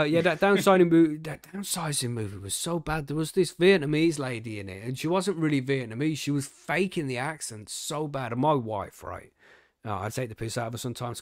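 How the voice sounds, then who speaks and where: A man hosts a casual podcast chat and talks in a loose, swearing, joking way. His voice sits at a middle pitch. It is recorded close, with a dry sound. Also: expressive, fairly quick, no room sound. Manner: swearing, laid-back banter with frequent fillers. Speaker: podcast host.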